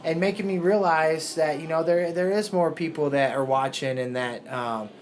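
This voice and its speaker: A man in his thirties with a fairly high voice rambles through a casual podcast interview, open about his feelings and swearing freely. Soft background ambience hums faintly behind him. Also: normal speed, a little hiss or hum. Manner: rambling, emotional, swears a lot. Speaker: fighter guest.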